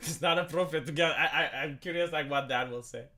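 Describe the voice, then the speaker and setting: A man's voice: fairly high pitch, a little fast, bright, forceful tone. A man from Romania chatting casually and with amusement on a live stream, rambling with many fillers.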